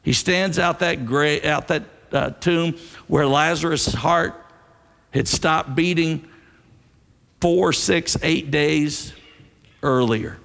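A man's voice: fairly high pitch, slow pace, creaky, pauses often, a bit bright. A man preaching a sermon to his congregation, an earnest storyteller who repeats key phrases for weight. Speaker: pastor. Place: church sanctuary. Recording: long reverb of a large hall.

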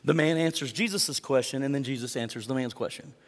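A male pastor delivers a sermon in a conversational way, frequently putting direct questions to the congregation. His voice is medium in pitch and fairly quick, and the recording carries a long reverb tail.

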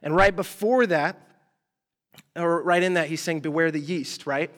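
A man's voice: fairly high pitch, a little slow, fairly bright tone. A man preaching in a casual storytelling style, chatty and slangy, with asides and mock exasperation. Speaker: preacher teaching a group.

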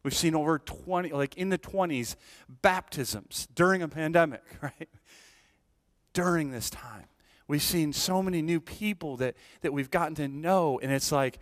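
A man's voice: a little high, expressive, normal speed, a bit bright. A man around forty preaching a sermon as senior pastor, earnest, with frequent restarts and repeated words, often asking the congregation "right?".

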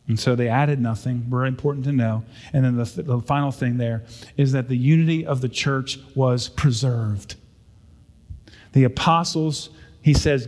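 A man's voice: medium pitch, moderate pace, a little mellow, in a large hall. A man preaching a sermon as pastor, in a conversational style with frequent rhetorical questions. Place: church sanctuary.

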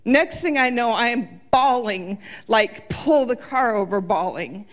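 A woman's voice: on the high side, lively intonation, slow pace, hardly any pauses. A woman in her forties giving a sermon, telling personal stories in an earnest, heartfelt way. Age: 40s. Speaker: church speaker.

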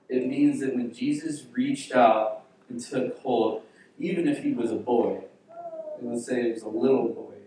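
A male pastor preaching a sermon, telling the story dramatically and dropping to hushed tones for quoted lines, in a large church hall. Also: medium pitch, slight background noise. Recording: very echoey hall, voice from far off.

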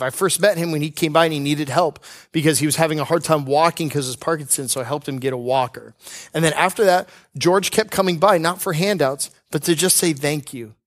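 In a slightly high voice, a pastor gives a conversational sermon, sharing personal stories with earnestness and light humor. He slows down to stress key points.

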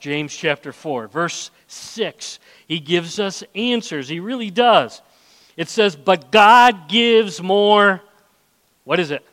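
A man's voice: sits high, fairly bright tone. A male pastor preaching a sermon, asking the congregation questions and acting out inner voices. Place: church hall. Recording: long hall reverb.

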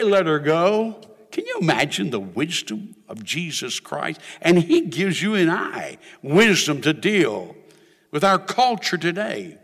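A man's voice: on the high side, big pitch swings, a bit bright. Fervent preacher man in a reverberant hall. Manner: rhythmic, rising and falling preaching cadence, drawn-out refrains. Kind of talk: sermon.

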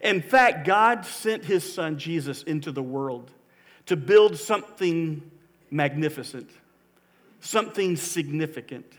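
Pastor, male, slightly higher voice, earnest and emphatic sermon delivery. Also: long reverb tail. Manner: earnest, inviting, emphatic preaching with rising peaks.

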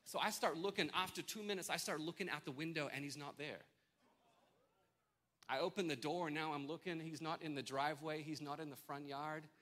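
A pastor in his thirties preaches to his congregation and opens with a comic family story told against himself. His voice sits a little high and rings bright and forward. He delivers the story with animated, self-mocking energy. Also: fairly quick. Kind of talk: sermon with a personal story. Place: church service with congregation.

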